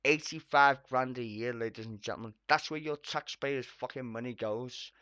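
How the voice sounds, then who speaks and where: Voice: mid-range voice, normal speed, no room sound, lo-fi sound. Foul-mouthed streamer ranting at a debate. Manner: swearing constantly, ranting with sudden loud outbursts. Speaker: streamer reacting to a debate clip. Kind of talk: angry profane reaction rant. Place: at a home computer.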